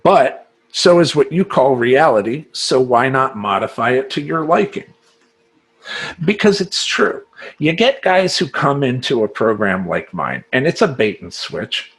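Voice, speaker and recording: A man's voice: mid-range voice, lively intonation, measured pace, fairly bright tone. A man speaking as a life coach in a casual monologue to camera, rambling and profane, laughing often and slipping into mock voices.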